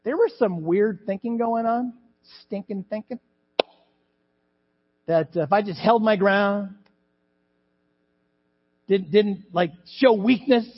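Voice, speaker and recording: A middle-aged male pastor preaching a sermon, animated, acting out voices from the scripture story. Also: sits high, slow pace, long pauses, slightly rough. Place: church sanctuary. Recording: dull church recording with long reverb.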